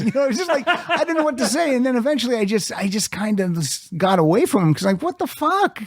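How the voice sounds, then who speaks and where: A man hosting a podcast, telling a rambling, animated story and swearing freely. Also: extremely high pitch, fast, vocal fry, few pauses, no echo, clean studio sound. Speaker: podcast host.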